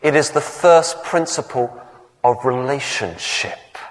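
A man's voice: medium pitch, slow pace, long reverb tail. A man preaching a sermon who tells stories and acts out the voices in them. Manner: storytelling, acts out voices in the anecdotes.

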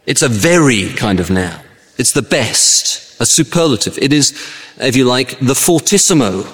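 Male preacher, low register, expository sermon, animated emphasis, echoey hall sound. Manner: animated, swoops high for emphasis and rhetorical questions.

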